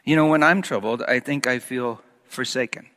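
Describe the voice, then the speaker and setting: A man preaching a sermon, swinging from loud emphatic peaks down to hushed, almost whispered lines. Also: medium pitch, moderate pace, in a large hall, slight background noise.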